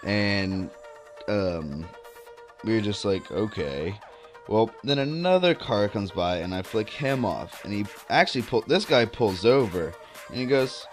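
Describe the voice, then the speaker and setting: Young dude, kinda low voice, rambling swear-y storytime vlog. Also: male voice, measured pace, soft background music. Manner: rambling, profane, animated storytelling. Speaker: vlogger. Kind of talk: casual storytime.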